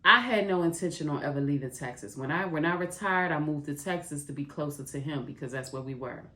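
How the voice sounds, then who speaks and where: A woman's voice: sits low, a little fast, bright, forceful tone. A middle-aged woman hosting a podcast, talking to her listeners in a raw, heartfelt confessional way. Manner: raw, heartfelt, speaks straight to listeners as "y'all". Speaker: podcast host. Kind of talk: candid confessional monologue. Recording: roomy echo.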